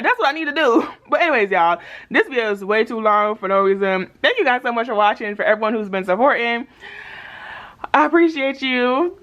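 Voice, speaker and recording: Animated, high-voiced woman vlogger. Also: lo-fi sound. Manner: animated storytelling with frequent laughter; playful slangy banter with viewers. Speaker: budgeting vlogger. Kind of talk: casual chat.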